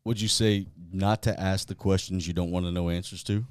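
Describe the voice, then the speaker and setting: Apresentador com sotaque sulista americano, voz grave, som seco, perguntas diretas e casuais. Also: male voice, low-pitched, steady tone, brisk, clear, resonant tone, no room sound. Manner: blunt, probing questions. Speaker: podcast host. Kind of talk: casual podcast chat.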